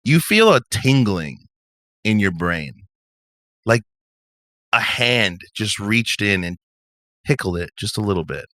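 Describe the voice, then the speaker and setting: A man's voice: fairly low pitch, sing-song, takes it slowly, long pauses, fairly bright tone, no room sound, studio quality. A man narrating a tabletop role-playing game as game master, in a casual, conversational way.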